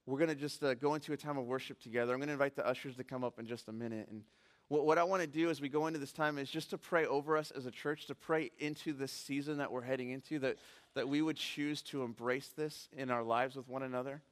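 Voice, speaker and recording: A man's voice: mid-range voice, fast. A male pastor preaching a sermon in a church, telling stories with animation and putting earnest, direct questions to the congregation. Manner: animated storytelling, rising to near shouting at emotional peaks. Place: church sanctuary.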